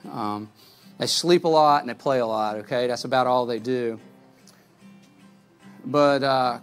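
A male pastor with a mid-range voice gives an earnest sermon. He rises to loud calls and drops to soft pleading at the altar call.

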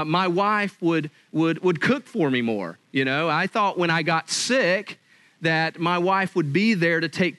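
Man, pastor, sermon, high-pitched, dry close sound, conversational. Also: bright, forceful tone, no room sound. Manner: conversational, acts out quoted voices.

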